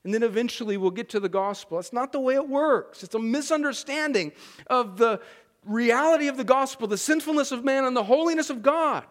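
A man's voice: very high-pitched, a little fast. A man preaching a sermon as pastor, talking in a conversational, emphatic way that often restarts its sentences.

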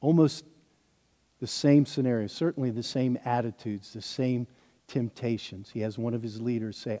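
A man's voice: medium pitch, steady tone, normal speed, mellow. A man preaching a sermon, walking through a Bible passage with self-deprecating asides. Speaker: pastor. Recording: long hall reverb.

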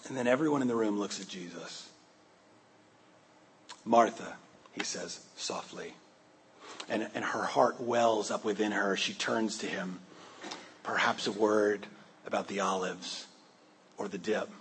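A man's voice: on the low side, fairly even intonation, normal speed, fairly bright tone, slight background noise. A male pastor preaching a sermon, retelling a Bible scene vividly and often restarting his words. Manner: vivid storytelling with frequent restarts. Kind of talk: sermon with dramatic storytelling.

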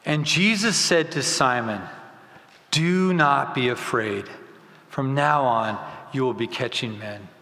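A man preaching a sermon as pastor, swinging from loud emphasis to hushed, quiet lines. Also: mid-range voice, slow. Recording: echoey hall with long reverb.

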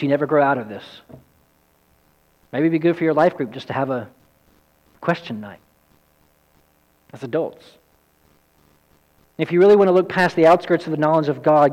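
A man pastor preaching an earnest, emphatic sermon, at times quick and at times slow. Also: fairly high pitch, darkish tone. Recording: long hall reverb.

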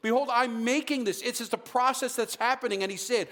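A man preaching a sermon as pastor to a livestream audience, emphatic, with dramatic pauses and soft low passages. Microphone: livestreamed to viewers at home.

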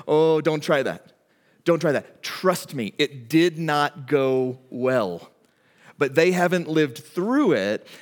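A middle-aged man preaching a sermon as pastor, telling stories in an animated, emphatic way. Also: fairly high pitch, in a large hall.

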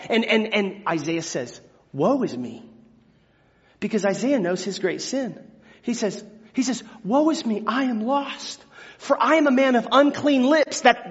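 A man preaching a sermon, animated, acting out biblical quotes with big swings from hushed tones to shouting. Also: sits high, moderate pace. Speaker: pastor. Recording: dull sound with long hall reverb.

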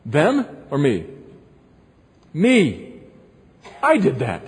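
A man's voice: on the high side, wildly swooping pitch, extremely slow, slightly rough, voice pushed down, exaggerated voice. A man voicing God as a loving father who asks rhetorical questions, in a long echoing hall. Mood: insistent. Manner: rhetorical questions, pleading and insistent.

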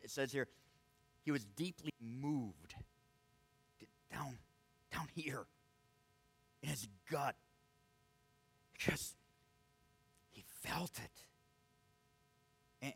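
A man's voice: fairly high pitch, a bit bright. A man preaching a sermon, earnest and emphatic, often restarting his words as he presses a point. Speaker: pastor.

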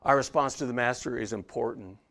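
Gravelly man preaching with big swings. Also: medium pitch, a little fast. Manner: dynamic, swings from hushed to loud and emphatic. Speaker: pastor. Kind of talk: sermon.

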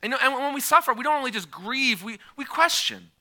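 Man in his thirties preaching, sharp bright voice. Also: very high-pitched, a little fast. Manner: conversational, animated, with frequent filler and restarts. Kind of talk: sermon with personal storytelling.

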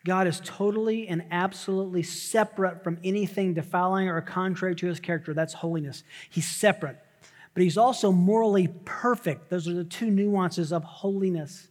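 A male pastor preaching a sermon, swinging from loud repeated shouts to hushed near-whispers. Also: high-pitched, normal speed, big-room sound.

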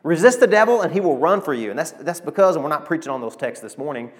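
A man, preaching a sermon and telling stories with animated, emotional delivery. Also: fairly high pitch, fast. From Arkansas, USA. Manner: animated storytelling preacher, emotional, calls to the congregation. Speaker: pastor.

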